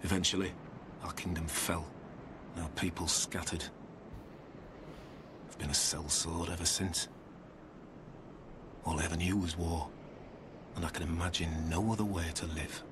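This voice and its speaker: Man playing a brooding war-worn sellsword, low voice, solemn game dialogue, faint hiss. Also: fairly even intonation, normal speed, long pauses, natural voice. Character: weary male sellsword from a fallen eastern land.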